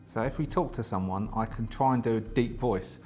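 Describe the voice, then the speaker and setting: A man of ordinary pitch hosts a solo tabletop game and talks it through casually. He reads the rules aloud and weighs his choices as he goes, restarting often. Faint music plays underneath. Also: a little fast, darkish tone. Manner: chatty, thinks aloud with many fillers and restarts.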